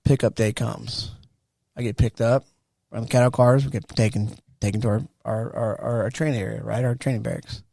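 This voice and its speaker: Guy in his 40s telling an army story, slangy and lively, dry close sound. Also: medium pitch, a little fast, vocal fry, no echo. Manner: animated, acts out quoted voices, slangy. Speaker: veteran guest. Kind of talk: casual storytelling interview.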